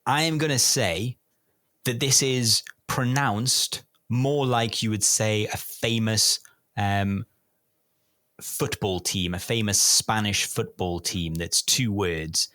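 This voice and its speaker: A man's voice: fairly low pitch, slow pace, sharp tone, no echo. Playful man hosting a quiz, dry sound. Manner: playful, laughing, teasing. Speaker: podcast host running a quiz. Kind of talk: casual chat.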